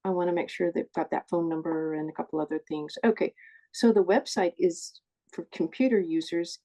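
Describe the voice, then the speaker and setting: A woman's voice: fairly low pitch, steady tone, fairly quick, warm tone. A woman presenting to a group over a video call, talking in a chatty way, often correcting herself and apologizing. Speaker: presenter of a support group session. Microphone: earbuds with a phone.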